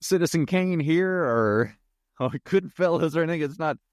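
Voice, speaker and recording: A man's voice: fairly high pitch, lively intonation, moderate pace, a little mellow, no echo, clean studio sound. A man hosting a solo podcast, reviewing a movie in a jokey, rambling way with self-mocking asides.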